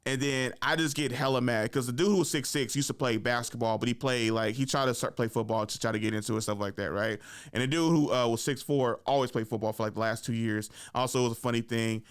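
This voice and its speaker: A young man hosting a podcast, telling stories in a casual, animated way, full of slang and swearing. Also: mid-range voice, quick pace, clean tone. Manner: animated, slangy and profane, with frequent "like" and "right?". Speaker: podcast host. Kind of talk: casual storytelling.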